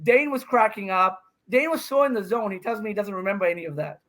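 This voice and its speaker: A man, a pro pickleball player and podcast guest, excitedly telling a match story and acting out what people said. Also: sits high. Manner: excitable, fast-talking, acts out quotes.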